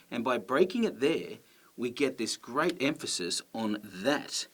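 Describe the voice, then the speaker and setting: A man teaching students, explaining patiently and clearly and reading quoted lines aloud. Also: mid-range voice. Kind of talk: educational explainer.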